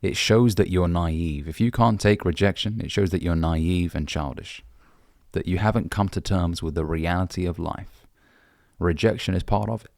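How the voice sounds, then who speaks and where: A man's voice: sits low, vocal fry, darkish tone, no room sound, clean studio sound. A young man from the UK, a dating coach, giving blunt, brotherly advice and swearing casually. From United Kingdom. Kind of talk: direct-to-camera advice talk.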